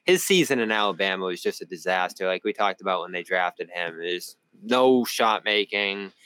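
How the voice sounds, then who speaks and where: A Boston-accented sports reporter talks basketball on a casual postgame podcast, an animated storyteller who laughs often. His voice is low and clean, at a moderate pace, with no room sound.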